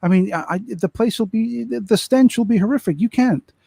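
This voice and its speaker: A man voicing a panicked young male soldier in a joke, high and excited. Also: fairly quick, vocal fry, no echo. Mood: exasperated.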